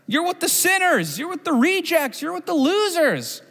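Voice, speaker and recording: A man's voice: extremely high pitch, big pitch swings, moderate pace, fairly bright tone, long reverb tail, pitched above the performer's own voice, heavily acted. A man voicing snooty, self-righteous Pharisees like middle school kids at a cafeteria table, in a mocking, whiny tone. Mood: scornful.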